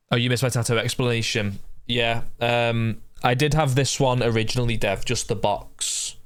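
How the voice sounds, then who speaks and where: A young man casually chatting with his stream viewers while playing a game, often swearing and yelling at the characters on screen. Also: medium pitch, fairly even intonation, moderate pace, hardly any pauses, clean tone, no echo. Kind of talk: casual gameplay chat with viewers.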